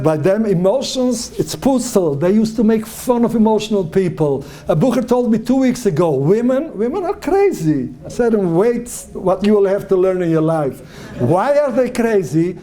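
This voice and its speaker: A man's voice: high-pitched, moderate pace. A man, a rabbi giving a lecture who animatedly tells stories and acts out what people said. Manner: animated storyteller acting out quoted speech. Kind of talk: lecture on marriage and emotions.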